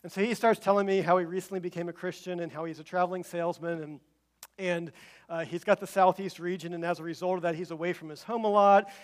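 A man's voice: sits high, fast. A male pastor preaching a sermon, telling a personal story and acting out the voices of the people in it, then urging his listeners. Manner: animated storytelling, acts out quoted voices; rising to emphatic exhortation.

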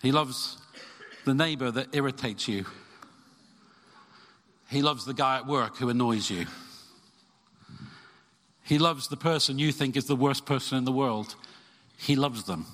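A man's voice: medium pitch, measured pace, long pauses, fairly bright tone, a little hiss or hum. A middle-aged man preaching an earnest, emphatic sermon as pastor at a church service. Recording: reverberant church hall.

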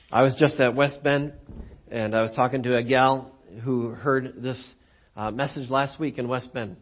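A man preaching a sermon as pastor, telling stories with lively acted-out voices and frequent chuckles. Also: medium pitch, moderate pace, dull audio. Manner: animated storytelling, acts out quoted voices, chuckles often.

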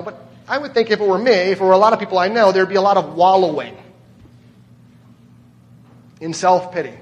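A man's voice: high voice, big-room sound. A man preaching a sermon as pastor, conversational and often putting questions to the congregation. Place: church.

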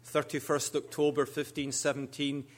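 A man preaching as a guest minister, speaking in measured, deliberate short phrases. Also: fairly high pitch, level tone. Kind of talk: sermon.

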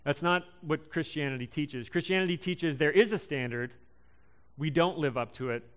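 A young man in his twenties giving a casual sermon, halting and full of ums and restarts. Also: on the high side. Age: young adult. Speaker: preacher.

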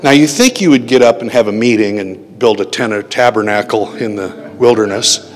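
Man preaching in an echoing hall. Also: lowish voice. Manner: conversational, slows down to stress quoted words. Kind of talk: sermon testimony storytelling. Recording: long hall reverb.

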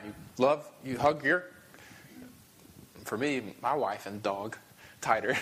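Male pastor, bright-toned, emotional, halting delivery with restarts. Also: mid-range voice, a little hiss or hum. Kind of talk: sermon.

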